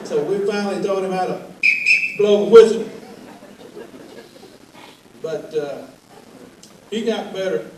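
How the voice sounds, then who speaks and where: An older man, a former player, tells folksy, wry roast stories about his old coach and laughs through the punchlines. His voice sits high, he speaks slowly with long pauses, and the distant mic picks up an echoey hall and a noisy background.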